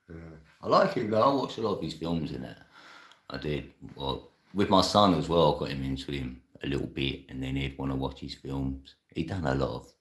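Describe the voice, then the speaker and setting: Super deep gravelly guy from london rambling on his live chat, laughs a lot. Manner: reads and answers viewer chat. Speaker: live-stream host. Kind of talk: casual live-chat monologue.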